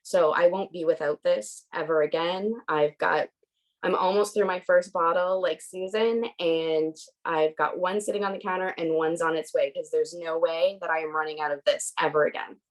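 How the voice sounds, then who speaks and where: Lower-voiced woman sharing a testimonial. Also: steady tone, normal speed, rough recording. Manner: casual and emphatic, with many fillers. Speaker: customer giving a testimonial. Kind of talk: casual testimonial on a group call.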